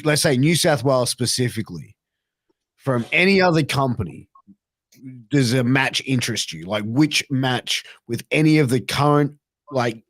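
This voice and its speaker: A male podcast host asks loose, rambling questions full of "um" and "like." His voice is mid-pitched. The sound is dry and close. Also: no room sound. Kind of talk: casual podcast interview.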